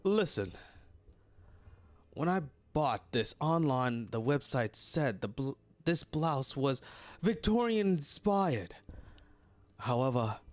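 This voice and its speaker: A man doing a huffy, pompous old gentleman with a put-on British accent, his voice leaping up and down in lively swoops. He lingers over each word and sounds close and dry. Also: medium pitch, no echo. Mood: indignant. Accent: attempted British. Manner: pompous, indignant. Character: fussy older gentleman obsessed with Victorian fashion. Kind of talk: reading a dating-game script aloud.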